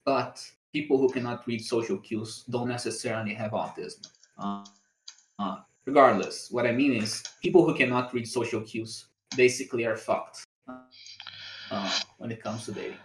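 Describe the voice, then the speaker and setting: Hesitant Latin American man, echoey room. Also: mid-range voice. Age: 20s. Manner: halting, hesitant explanations with fillers. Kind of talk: casual chat.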